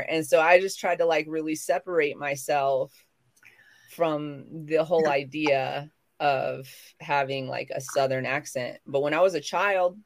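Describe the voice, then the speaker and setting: A woman from the American South co-hosting a casual live stream chat, rambling and trailing off into new thoughts. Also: sits low. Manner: chatty, rambling, trails off and restarts mid-thought.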